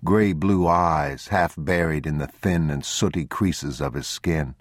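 Deep, slow male audiobook narrator. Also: dry recording, studio quality. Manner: measured, sombre and deliberate. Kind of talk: scripted literary narration.

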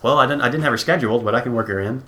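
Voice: medium pitch, racing, fairly bright tone. A podcast co-host joking through a casual recap of a TV show with wry side comments.

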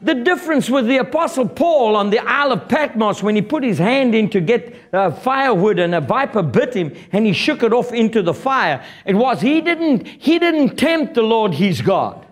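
A male preacher delivering a sermon in a high-pitched voice. He is blunt and joking, and he quotes scripture with lots of animation. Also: big pitch swings, normal speed, hardly any pauses.

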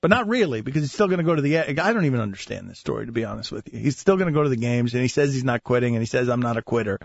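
A man's voice: medium pitch, lively intonation, rapid-fire, creaky, dry recording, muffled recording. A man hosting a sports radio show in casual banter, incredulous and mocking as he talks through a story.

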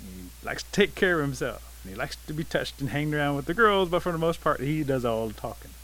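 A man telling an animal folk tale in English, setting each scene in a relaxed, vivid way. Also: a little high, fast, a little hiss or hum, rough recording. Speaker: storyteller.

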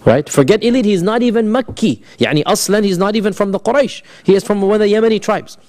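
A man teaching a history class in a relaxed, conversational way, his voice sitting a little above the usual male range. He asks his students questions and slips Arabic phrases into his English. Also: high-pitched, fast talker. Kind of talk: classroom lecture.

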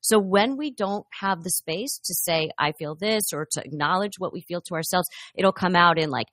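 A woman's voice: on the low side, normal speed, a bit bright, dry recording, clean studio sound. A woman talking earnestly in a conversational podcast about feelings, acting out quoted dialogue as she goes.

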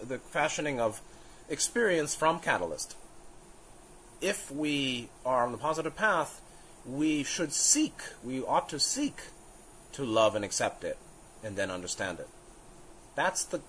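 A man's voice: medium pitch, animated, fairly bright tone, slight background noise, poor audio. Man musing through a spiritual teaching. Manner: musing, halting, with frequent fillers and restarts; chuckles now and then while explaining.

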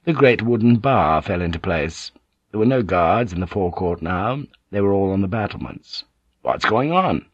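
A man narrating an unabridged audiobook with even, deliberate reading. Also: low voice, husky, no echo. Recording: dull, dry audiobook tape.

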